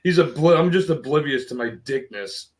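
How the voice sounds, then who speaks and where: A man's voice: on the high side, lively intonation, fairly quick, slight background noise. A man co-hosting a podcast in casual chat, rambling through stories with many restarts. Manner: rambling, restarts mid-story. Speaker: podcast co-host.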